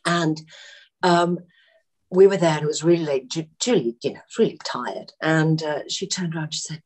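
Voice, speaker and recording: A woman's voice: deep voice, moderate pace, a little mellow. Chatty woman telling set anecdotes. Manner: chatty anecdotal storyteller, laughs often. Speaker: actress guest. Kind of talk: casual podcast interview.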